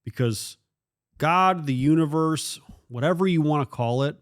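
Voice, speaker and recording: A man's voice: on the high side, a little slow. A man who is a guest on a talk show, speaking bluntly and emphatically and swearing freely in a casual chat.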